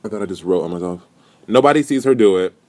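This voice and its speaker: A young man recapping a reality show in a casual, profane, animated rant. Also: fairly low pitch, quick pace. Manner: profane, animated, indignant storytelling.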